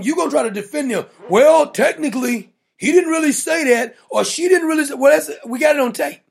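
A man's voice: extremely high pitch, creaky, husky. A man hosting a political talk show, ranting in an emphatic, mocking, blunt way. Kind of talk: opinionated political rant.

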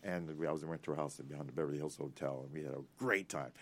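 A man in his eighties, an actor telling rambling anecdotes in an interview, animated and laughing between stories. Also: extremely low pitch, quick pace. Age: 80s. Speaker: actor guest.

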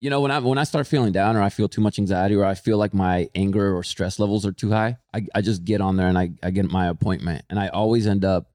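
A young man co-hosting a podcast, telling a story in casual chat, animated and swearing, acting out people who shout. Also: on the low side, fast talker, hardly any pauses, no room sound, clean studio sound. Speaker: podcast co-host.

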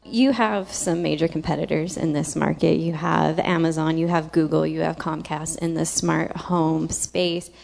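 A woman with a lowish voice hosts an interview. She reads out an introduction in a brisk, practiced way and then asks questions, with dry, wry asides. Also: fairly even intonation, gravelly, a little mellow. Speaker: interviewer, host.

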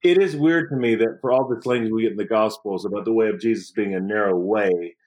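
A male podcast host speaks in a reflective, affirming way. His delivery is conversational and measured. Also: fairly low pitch, darkish tone, poor audio. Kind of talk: casual conversation.

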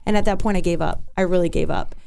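Low smooth-voiced woman recounting candidly. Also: dark tone, soft background music. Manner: halting, candid, many restarts and asides. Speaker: interview guest. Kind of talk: personal storytelling in conversation.

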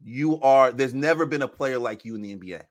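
A man talking basketball on a podcast mic, animated and full of laughs. His pitch sits in the usual middle range. He acts out bits of what players said as he goes. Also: fast talker. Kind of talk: casual sports chat.

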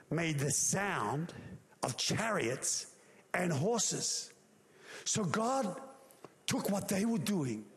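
A man preaches a sermon in an animated storytelling manner and leans on emphatic rhetorical questions. His speaking voice sits high for a man. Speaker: pastor.

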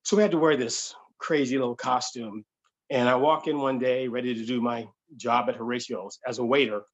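Husky-voiced man telling a comic story. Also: mid-range voice, a little fast, muffled recording. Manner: animated, acts out the voices of the people in his stories. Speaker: stand-up comedian.

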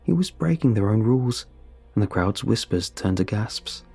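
A man reads a first-person audiobook with steady, dramatic storytelling. His voice is low and mellow, with quiet music playing underneath. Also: normal speed, gravelly. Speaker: narrator.

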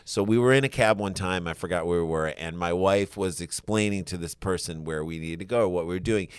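A man's voice: low-pitched, brisk, clean tone, no room sound. Dry-miked man in casual podcast banter. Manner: joking, laughs often, mimics voices. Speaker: podcast co-host.

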